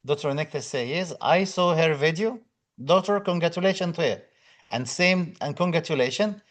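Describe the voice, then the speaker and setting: A man's voice: fairly high pitch, normal speed. A man teaching exam prep on a live stream, chatting casually, greeting viewers by name and reading out their comments in loosely phrased English. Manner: non-native English phrasing with fillers.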